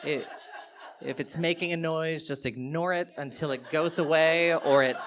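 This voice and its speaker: A man performing a stand-up comedy set on stage, telling stories in an animated way and acting out the other people in them. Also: on the high side, normal speed. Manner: animated storytelling, acting out quoted voices. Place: live comedy venue, audience laughter.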